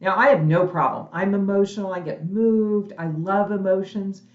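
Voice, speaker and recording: A woman's voice: mid-range voice, moderate pace, echoey room, muffled recording. A middle-aged woman giving a direct, emphatic motivational webinar talk as a conference speaker. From lives in Texas.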